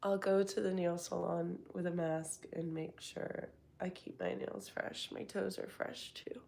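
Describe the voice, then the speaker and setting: A young woman hosting a casual livestream, hoarse, congested and tired from the flu. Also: lowish voice, steady tone, darkish tone, a little hiss or hum. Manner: slow, drowsy talk, reading chat aloud. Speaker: livestream host.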